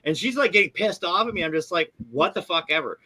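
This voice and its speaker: Man, from canada, animated storyteller, bright sharp voice, profane. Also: a little high, fast. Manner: animated storyteller, swears often. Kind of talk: casual profane chat.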